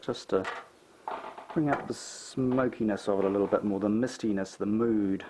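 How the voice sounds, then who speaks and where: A middle-aged man with a New Zealand accent, chatting and thinking aloud as he paints a landscape, self-mocking and relaxed. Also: fairly low pitch, moderate pace, background noise. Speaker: painting tutor. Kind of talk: casual painting tutorial.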